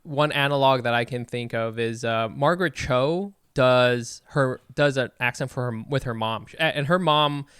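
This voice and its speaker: A man hosting a podcast, talking in an animated, rambling way full of "like" and "you know". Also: medium pitch, normal speed, hardly any pauses, smooth, no echo, clean studio sound. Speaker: podcast host. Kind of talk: casual podcast chat.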